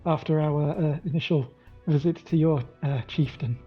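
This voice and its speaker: A man's voice: on the high side, fairly even intonation, normal speed, slightly rough, dull audio, soft background music, voice pushed up. A man playing an adventurer with a put-on Northern English accent, speaking formally with hesitations. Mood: polite.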